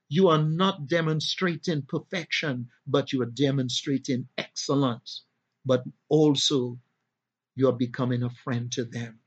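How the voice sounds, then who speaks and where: A man preaching a sermon in a rhythmic style, building to emphatic, drawn-out peaks. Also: fairly high pitch, highs cut off.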